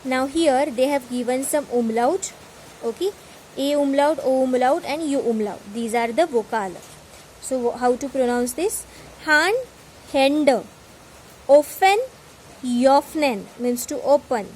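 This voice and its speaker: This German tutor is a woman with an Indian English accent and a high, mellow voice, moving at a moderate pace. She reads vocabulary aloud word by word, following each with its English translation. The recording is rough, with a faint hiss or hum.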